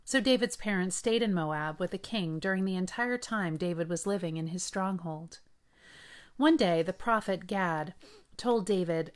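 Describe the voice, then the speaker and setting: A woman hosting a daily Bible reading, reading scripture in a measured way with brief asides. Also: fairly low pitch.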